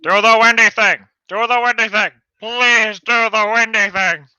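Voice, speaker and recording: A man voicing a pushy, loud character who shouts orders at a hero, in a theatrical, demanding way. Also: on the high side, slow, smooth, no echo, exaggerated voice. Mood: frantic.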